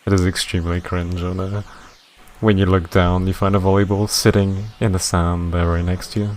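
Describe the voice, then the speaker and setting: A man streaming a game live, reading its narration in a deadpan way and chatting with viewers. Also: deep voice, moderate pace.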